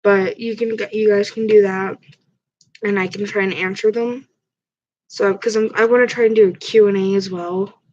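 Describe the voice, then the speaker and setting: A woman's voice: medium pitch, fairly even intonation, normal speed, a little mellow. A woman vlogger chatting casually to camera, rambling with ums and restarts, stuffed up from a cat allergy. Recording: dull lo-fi recording.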